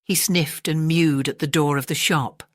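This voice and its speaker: A woman narrating a classic storybook in a gentle, measured bedtime reading. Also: low voice, steady tone, dry recording, studio quality.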